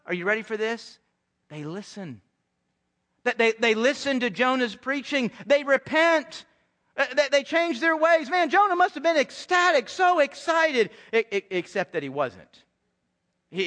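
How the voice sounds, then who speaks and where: A man with a high, ringing voice preaches a sermon to his church. His delivery is earnest, and he doubles up words as he presses a point home. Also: sharp tone. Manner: earnest, repeats words when stirred. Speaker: pastor. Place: church sanctuary.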